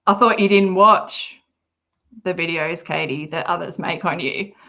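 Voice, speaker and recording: A woman's voice: on the low side, a little slow, bright, forceful tone. An Australian woman hosting a commentary channel, reacting to a clip in a sarcastic, mocking way and swearing often.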